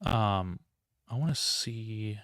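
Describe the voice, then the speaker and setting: A man's voice: lowish voice, slow pace, fairly bright tone, clear, resonant tone, no room sound, studio quality. A man hosting a live solo sports reaction stream, rambling, interrupting himself and talking to his chat. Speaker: podcast host.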